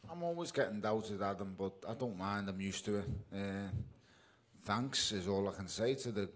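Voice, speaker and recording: A man's voice: on the low side, normal speed. A man speaking as a boxer at a press conference, blunt and plain-spoken, swearing casually.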